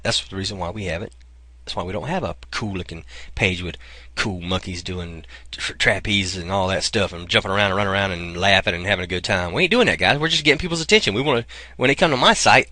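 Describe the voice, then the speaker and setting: A man's voice: medium pitch, bright, forceful tone, no room sound. A man talking in a rambling, casual vlog, calling his viewers "guys" and "man". He is getting over a cold and coughs. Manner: chatty, keeps saying "guys" and "man". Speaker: vlogger promoting an online income program. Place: outdoors.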